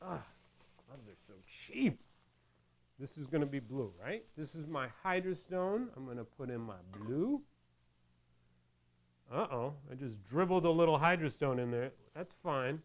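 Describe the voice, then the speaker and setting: Chatty middle-aged man, slightly high voice. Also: lively intonation, measured pace. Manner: chatty, rambling, joking asides while working with his hands. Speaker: crafting channel host. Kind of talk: casual tutorial chat while working.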